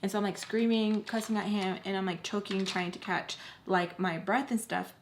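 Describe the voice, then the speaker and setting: A young woman speaks straight to the camera at close range, telling her own story in a loose, chatty way, packing nearly every sentence with "like." Her voice sits at a middle pitch, and a faint hiss of room noise runs underneath it. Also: fairly even intonation, moderate pace. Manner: frequent "like" fillers, drops to near whispers when tense. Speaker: vlogger telling a personal story. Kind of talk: casual storytime monologue.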